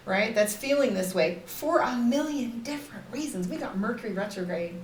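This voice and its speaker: A woman's voice: a little high, lively intonation, normal speed, few pauses, slight background noise. A woman, a psychic and life coach, talking candidly and rambling to viewers on a casual live stream, with frequent "like" and "right?". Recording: roomy echo, somewhat far from the mic.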